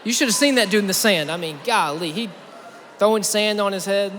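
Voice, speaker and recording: A young man with a very high voice preaches to a youth crowd, telling a story with energy and calling on the audience directly. The sound carries the long reverb of a large church auditorium. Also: fairly quick, fairly bright tone, a little hiss or hum. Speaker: youth conference speaker. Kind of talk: sermon.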